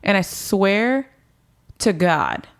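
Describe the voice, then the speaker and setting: Her mid-range, gravelly voice swings widely in pitch, and she talks very slowly. In her twenties, she recounts her personal story to an interviewer in an easygoing manner, full of "like" and "um," performing the lines other people said.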